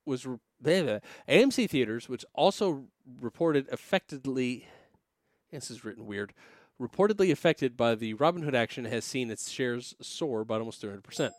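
This man has a mid-range voice, recorded at studio quality with no echo. He reads the news aloud on a podcast in a casual, halting way, stumbling over words, joking, laughing often and filling the read with fillers and restarts.

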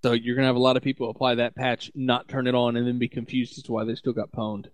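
A man's voice: mid-range voice, flat delivery, fast talker, dry recording. A man hosting a casual tech podcast, sardonic, laughing often as he reads news items aloud. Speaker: podcast host.

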